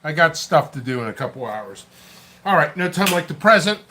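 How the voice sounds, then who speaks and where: A man's voice: a little high, sing-song, brisk, sharp tone, slight background noise. A man hosting a casual solo vlog, rambling and chatting to himself as he works in a basement. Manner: rambling, chatty, talks to himself while working. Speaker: pepper seed seller and channel host.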